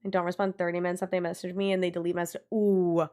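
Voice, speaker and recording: A young adult woman streaming a game and chatting casually with her viewers, animated and quick to laugh, swearing freely. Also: lowish voice, clean tone. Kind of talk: casual live-stream chat.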